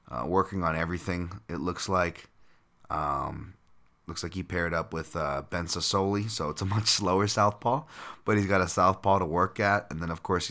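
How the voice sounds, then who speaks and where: A man speaks in a low voice that sounds bright and forceful. He's the host and fight analyst of an informal one-man podcast, working through bouts aloud with many fillers, restarts and the occasional laugh.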